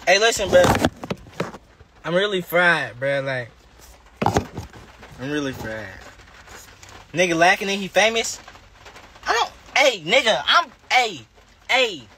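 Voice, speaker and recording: High, bright-voiced Southern American man on a phone livestream. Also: animated, takes it slowly, pauses often, a little hiss or hum. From Charlotte, North Carolina. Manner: rambling, profane, talks back to viewers' comments. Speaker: rapper hosting a livestream. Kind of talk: casual livestream chat.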